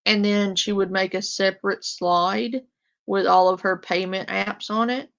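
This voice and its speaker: A woman's voice: mid-range voice, steady tone, unhurried, gravelly, a bit bright. A woman talking bluntly to her live chat, casual and confrontational, with frequent fillers. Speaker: commentary streamer. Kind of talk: casual live-stream commentary.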